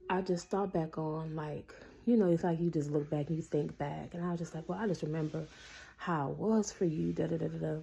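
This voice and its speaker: Woman, earnest faith talk, mellow dark tone, husky, casual preachy delivery. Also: sits low. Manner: earnest, preachy, full of fillers. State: tearful at times. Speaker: Christian vlogger.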